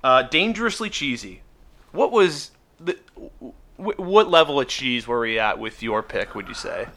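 Lively, bright-voiced male podcast host. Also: mid-range voice, normal speed. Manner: animated, laughs often, sings snippets. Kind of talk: casual chat.

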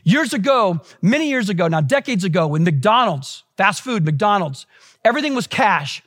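A man from the United States preaching a sermon, emphatic, with dramatic slowdowns and repeated phrases. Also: sits high, very animated, fairly bright tone. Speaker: pastor.

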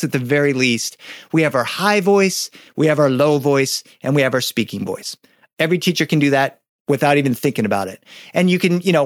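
A man, a professional storyteller, speaking in an animated, demonstrative way as an interview guest. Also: fairly high pitch, dry recording, clean studio sound. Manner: animated, demonstrative, breaks into character voices. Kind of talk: conversational interview.

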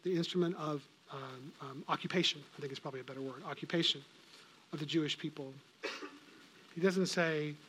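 A man's voice: on the high side, a little hiss or hum. A man giving a conversational Bible teaching, earnest and plain, quoting scripture and acting out the people in it. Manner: earnest, conversational, quotes scripture with acted voices.

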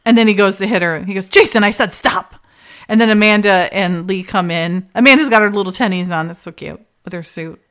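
Woman, podcast co-host; animated recap, mid-pitched, slips into character voices. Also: quick pace, few pauses, clean tone. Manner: animated, acts out characters' lines and laughs often. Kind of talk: casual chat.

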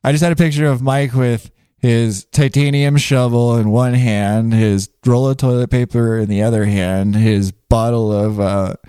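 A man's voice: medium pitch, little pitch movement, normal speed, mellow, clean tone, no room sound, clean studio sound. A man co-hosting a casual podcast, chiming in with jokey asides. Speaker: podcast co-host. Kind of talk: casual chat.

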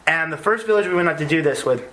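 This is a rough recording with slight background noise of an American ex-army officer telling stories in an interview. His pitch is fairly high, he talks fast, and he's earnest and animated, repeating words often.

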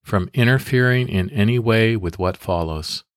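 Guiding prayer and a meditation on scripture, the male host of this devotional podcast speaks in a deep voice, calmly and deliberately, as if instructing. His sound is close-miked and dry, with no room sound at all.

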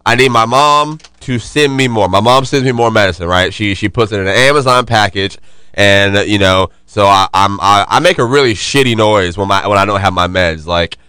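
This is a man hosting a casual podcast, working up an animated, swearing rant for his co-hosts. His voice is bright and crisp, and it sits close on a dry mic with no room sound. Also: lowish voice, normal speed, no room sound. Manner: animated storyteller, profane and joking. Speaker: podcast host.

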